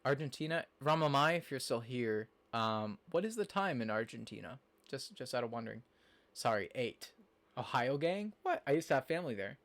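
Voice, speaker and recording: A man's voice: mid-range voice, lively intonation, normal speed, a bit bright. Chatty young man streaming. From Nebraska, USA. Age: young adult. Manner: rambling, chatty, lots of fillers, reacts to chat. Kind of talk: casual live-stream chat.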